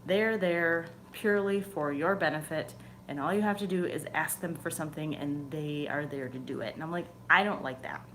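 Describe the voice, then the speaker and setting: A woman's voice: low-pitched, normal speed, a little hiss or hum. A young woman on her channel, telling a story in a casual, chatty way, swearing freely and sometimes dropping to a whisper. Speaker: channel host. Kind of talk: casual chat.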